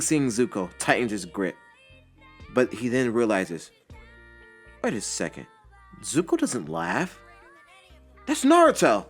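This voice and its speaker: A man hosting his channel, narrating a fan story in a relaxed, plainspoken, casual way. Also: mid-range voice.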